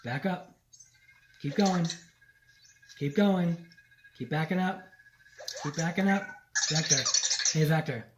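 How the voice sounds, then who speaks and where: A man's voice: on the high side, slow pace, pauses often, heavy background noise. A man vlogging at a home countertop, coaxing and chatting to a little robot as if it were a pet. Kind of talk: casual vlog, talking to a toy robot.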